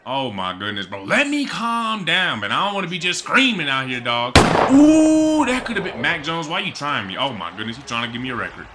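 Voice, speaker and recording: A young man commentates his own football video game, hyping himself up and breaking into shouts and sing-song bragging. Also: on the high side, big pitch swings, fairly quick, few pauses, background noise. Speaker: gaming YouTuber. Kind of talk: excited live game commentary.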